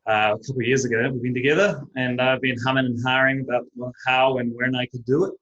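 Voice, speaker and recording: Young NZ man, podcast guest, relaxed self-deprecating storyteller, mid-range voice, slightly muffled audio. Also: mid-range voice, fast talker. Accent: New Zealand. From New Zealand. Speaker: guest, baseball pitcher and teacher. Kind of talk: casual podcast chat. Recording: dull lo-fi audio.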